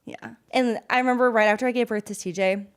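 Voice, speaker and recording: A woman's voice: on the high side, fairly even intonation, quick pace, clear, resonant tone. A young woman co-hosting a casual podcast, talking in a heartfelt way that turns emotional. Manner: warm, heartfelt, gets emotional about her mom. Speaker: podcast co-host.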